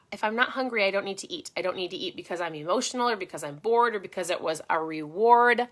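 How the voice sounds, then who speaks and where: Middle-aged lady chatting on a live stream at home, bright sharp voice, encouraging, keeps restarting sentences. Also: mid-range voice. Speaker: host of a keto diet channel. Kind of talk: casual live-stream tips. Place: her home.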